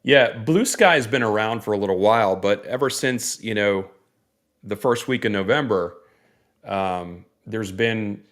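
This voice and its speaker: A man from Northeast Florida chats his way through a sports podcast in a somewhat low voice. He rambles easily, doubling back on his words and leaning on fillers. His tone stays relaxed and conversational the whole time. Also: measured pace. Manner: easygoing, rambling with fillers and restarts. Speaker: podcast co-host. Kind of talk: casual sports podcast chat.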